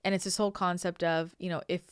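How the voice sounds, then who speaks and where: A woman from Northern California, a channeler who hosts her own show, speaks in a fairly low, level voice at a quick, smooth clip. She rambles chattily through a story, leaning heavily on "like" and "you know." The recording is dry and studio-clean.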